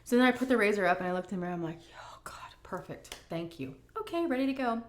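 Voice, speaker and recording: A middle-aged woman food vlogger telling a story and answering questions in a chatty, animated way full of fillers. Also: medium pitch, rapid-fire. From United States. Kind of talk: casual storytelling and Q&A.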